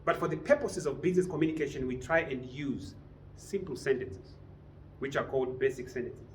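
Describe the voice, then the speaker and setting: Speaking fairly quickly at medium pitch, a man teaches business writing in a training room, lecturing and frequently questioning the class. A little hiss or hum is audible.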